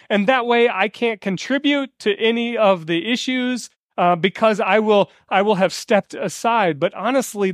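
A man's voice: sits high, no echo, clean studio sound. A male pastor preaching a sermon in a conversational way, telling stories and asking the congregation questions.

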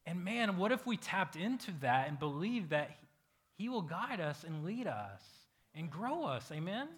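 A man with a bright, forceful voice preaching in a church. He is the pastor, and he tells stories with animated acted-out quotes. His voice sits a little higher than most men's. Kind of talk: sermon. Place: church hall with a congregation.

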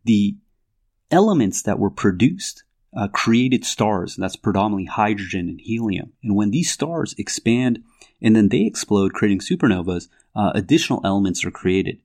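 A man with a slightly low voice talks through scripture in a measured, explanatory way. He reads verses aloud and often pauses on fillers as he works out his points. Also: animated, darkish tone. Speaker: religious commentator. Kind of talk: explanatory talk reading scripture.

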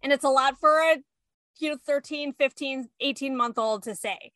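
A woman in casual chat, telling family stories in an animated way and acting out quotes. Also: sits high, moderate pace, dry recording. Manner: animated storyteller, acts out quotes.

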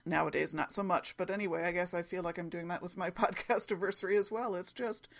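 A woman's voice: fairly low pitch, steady tone, fast talker, creaky. A woman hosting her own hobby podcast in a chatty, rambling way, often correcting herself as she goes, recorded at home on a computer mic. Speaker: podcast host. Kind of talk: casual chat.

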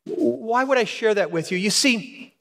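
High-voiced man preaching in a reverberant hall. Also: expressive, fairly bright tone. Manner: dramatic storytelling with pauses and repetition. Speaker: pastor. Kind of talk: sermon. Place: church hall.

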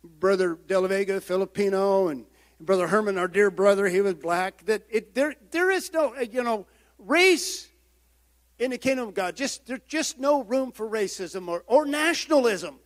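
A man preaching a sermon as pastor, swinging from loud emphatic calls down to quiet, low-spoken passages. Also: expressive, moderate pace. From United States.

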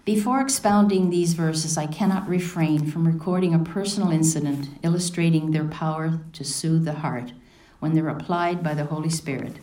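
A woman's voice: deep voice, normal speed, hardly any pauses, warm tone. Reflective woman in an echoey room. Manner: reflective, asks many questions. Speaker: devotional speaker. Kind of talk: personal devotional talk. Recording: echoey room, mic at a distance.

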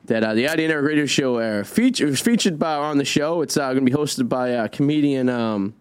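A man's voice: medium pitch, lively intonation, smooth, no echo. A man co-hosting a casual radio show, plugging upcoming dates and stumbling over his words with lots of fillers. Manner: halting, many fillers and restarts.

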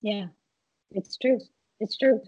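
A woman guest in a casual interview, telling animated stories and acting out what people said. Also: medium pitch, takes it slowly, breathy edge, dry recording, highs cut off. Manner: animated storyteller, acts out quotes.

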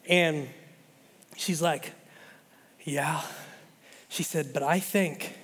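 A man, a pastor, telling a story in a sermon, animated and acting out the voices of the people in it. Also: on the high side, takes it slowly, long pauses, husky. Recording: long reverb of a large hall.

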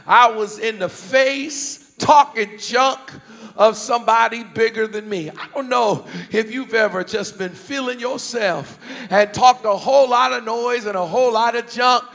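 Male preacher, very high tense voice, animated storyteller who breaks into shouts, long hall echo. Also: measured pace, vocal fry. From US Northeast. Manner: animated storytelling, repeated questions, bursts of shouting. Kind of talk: storytelling sermon. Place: large church hall with thousands present. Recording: large hall reverb.

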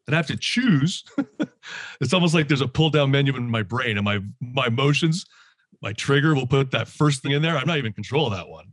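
Husky Canadian-raised man, animated talk. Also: medium pitch, fairly quick, no echo. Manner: animated, laughs often, acts out his inner voice. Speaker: guest speaker. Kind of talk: candid reflective talk.

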